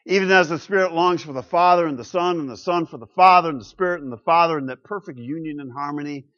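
Pastor preaching; man with a fairly high voice, dramatic shifts between loud and hushed, muffled recording. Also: fast. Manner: rhetorical questions, swings from loud to hushed. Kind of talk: sermon. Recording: muffled lo-fi sound.

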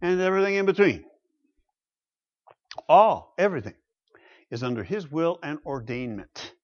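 A man preaching a sermon, emphatic, swinging between loud exclamations and quiet low asides. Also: expressive, normal speed, dull audio.

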